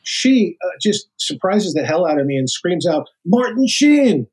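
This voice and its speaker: A man's voice: a little high, normal speed, breathy edge, poor audio. An older man, a former agent, telling stories in an interview with many restarts. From United States. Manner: animated anecdotes, acts out quoted voices, many restarts. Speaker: guest, former FBI agent. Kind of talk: storytelling interview talk.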